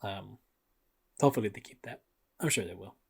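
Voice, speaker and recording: A man's voice: on the low side, fairly quick, vocal fry, slightly rough. A man co-hosting a podcast, chatting casually in a laid-back, rambling way with lots of fillers and swearing. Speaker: podcast co-host. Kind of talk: casual chat.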